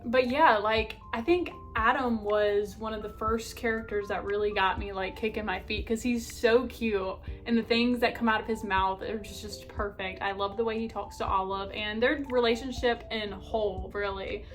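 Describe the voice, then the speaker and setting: A young woman chatting casually about her favorite books, gushing and animated, with lots of "like" fillers. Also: medium pitch, normal speed, few pauses, faint music behind. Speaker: book vlogger. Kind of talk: casual book review chat.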